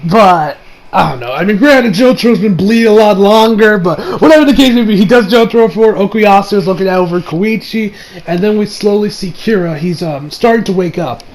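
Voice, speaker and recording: High-voiced man rambling through an anime recap. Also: animated, brisk, poor audio. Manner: rambling, with frequent restarts and laughter. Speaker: anime reviewer. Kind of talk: casual episode recap.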